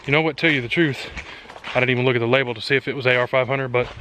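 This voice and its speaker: A man's voice: medium pitch, steady tone, racing, bright, forceful tone, a little hiss or hum. A man hosting a casual outdoor shooting demonstration, talking in a folksy, joking and enthusiastic way, recorded on an action camera outdoors at a rural range. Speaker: firearms video host.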